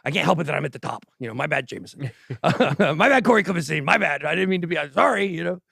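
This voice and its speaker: A man with a drawl talks on a livestream, his voice sitting a touch high for a man. He jokes, brags and banters between news items in a loose, casual way. The sound is dry and close, with no room echo. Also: rapid-fire, gravelly, sharp tone, husky. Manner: joking, boastful banter with crew and chat. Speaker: host of a crypto news livestream.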